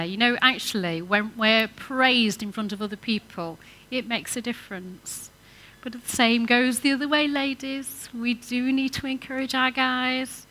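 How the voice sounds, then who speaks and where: Bright-voiced woman preaching to couples. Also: fairly high pitch. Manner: chatty, coaxing the audience to join in. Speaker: church speaker on marriage. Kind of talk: informal sermon to couples.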